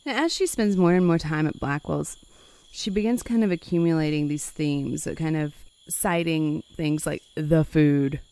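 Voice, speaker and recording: A woman's voice: sits low, moderate pace, dark tone, smooth. A woman hosting a conversational history podcast, reading passages aloud dramatically and adding wry asides. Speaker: podcast host.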